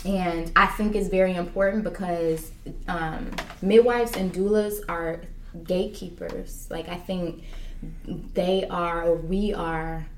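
A woman's voice: fairly low pitch, fairly even intonation, takes it slowly, a little hiss or hum. A woman working as a doula, telling her story in an earnest, reflective way with many fillers. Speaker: doula, guest. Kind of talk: personal storytelling in an interview. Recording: roomy, from a distance.

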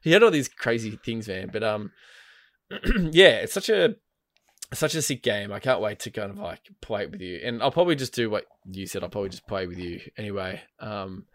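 A man's voice: on the low side, lively intonation, brisk, fairly bright tone, no room sound. A man chatting casually about a game, rambling, laughing and swearing, full of fillers. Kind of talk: casual gaming chat.

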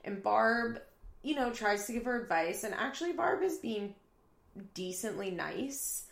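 A woman's voice: fairly high pitch, lively intonation, a little slow, creaky, roomy sound. A woman recapping a reality TV episode in casual chat, laughing often and acting out what people said. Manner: chatty, laughing, acts out quotes. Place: apartment room.

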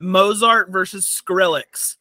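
A man's voice: high voice, takes it slowly, sharp tone, dry recording. A man co-hosting a casual podcast, enthusiastically rattling off lists of favorites. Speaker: podcast co-host.

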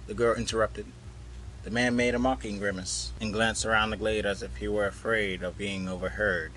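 A man narrating a storybook tale in a measured, unhurried way. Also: lowish voice, fairly bright tone, a little hiss or hum, poor audio.

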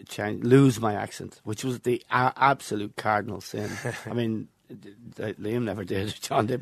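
This older Irishman speaks at a medium pitch with a creaky texture, recorded with no echo. As an interview guest, he reminisces through anecdotes from his football days, chuckling between stories.

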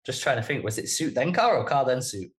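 A man in a relaxed podcast chat. He chimes in with short remarks. He often jokes as he speaks. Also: medium pitch, fast talker. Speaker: podcast co-host. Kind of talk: casual chat.

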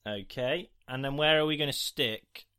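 A man's voice: medium pitch, moderate pace, pushed and bright, smooth. A man co-hosting a podcast in casual chat, dry and matter-of-fact, steering the segments. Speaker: podcast co-host.

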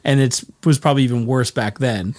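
Young guy cohosting a podcast, rambly stories, swears a lot, mid-pitched voice. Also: fairly even intonation, a little fast, a little mellow. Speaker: podcast co-host. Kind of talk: casual chat.

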